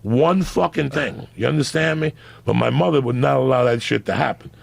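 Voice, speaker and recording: A man delivers a swearing comic rant with a gravelly, rough edge. His voice is husky rather than clean, and he hits his punchlines in loud, punchy bursts with sudden shouts. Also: mid-range voice, a little fast. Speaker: comedian guest on a podcast. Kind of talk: profane comic rant and storytelling.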